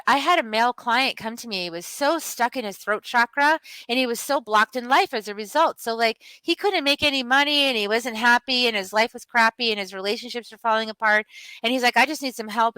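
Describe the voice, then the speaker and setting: A woman's voice: a little high, pushed and bright, no room sound, rough recording. A middle-aged woman, a healer and author, telling stories with fervent, emphatic, repetitive urging. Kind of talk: passionate interview storytelling.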